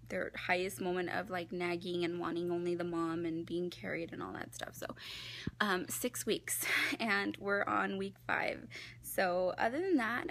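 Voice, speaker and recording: A woman's voice: medium pitch, gravelly, bright, forceful tone. A tired woman talking candidly to camera as a family vlogger and mother of a newborn, chatty with many ums. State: tired from little sleep. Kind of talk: casual vlog talk to camera.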